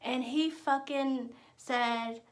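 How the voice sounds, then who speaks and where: A woman's voice: high voice, drawn-out words. A woman from Arkansas, telling a story to her vlog audience in a blunt, profane, casual way. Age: adult. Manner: blunt and profane, animated when quoting others. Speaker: vlogger.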